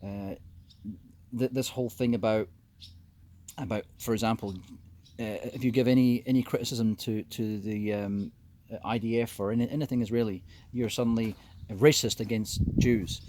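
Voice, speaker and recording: A man's voice: fairly low pitch, steady tone, normal speed, dark tone. A man from South Africa hosting a solo podcast, ranting profanely and restarting his sentences often. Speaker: podcast host. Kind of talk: opinionated solo podcast monologue.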